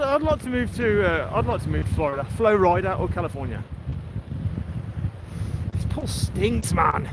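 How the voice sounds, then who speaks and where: A man with an English accent, joking and chatting casually during a walking livestream outdoors. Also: high-pitched. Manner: chatty, joking, laughs often. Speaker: livestream host. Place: outdoors on a coastal walk. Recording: outdoor noise behind.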